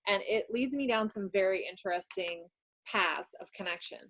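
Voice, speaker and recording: A woman co-hosting a live online stream, reading a tarot card in a relaxed, reflective way, thinking aloud with many fillers. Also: medium pitch, normal speed. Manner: warm, reflective, talks through ideas with fillers. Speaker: co-host and card reader. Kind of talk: casual live-stream chat.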